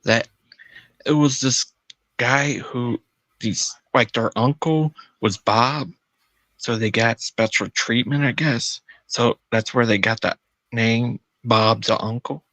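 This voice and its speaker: Male guest, slow and dry-sounding, giggly. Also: mid-range voice, fairly bright tone, no room sound, low-quality recording. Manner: giggly, laughs between phrases. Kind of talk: casual conversation.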